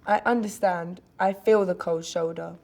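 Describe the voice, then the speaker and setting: A woman voicing a tall, gentle young female werewolf who speaks softly and sounds hurt. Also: on the low side, steady tone, normal speed, vocal fry. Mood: hurt, pleading.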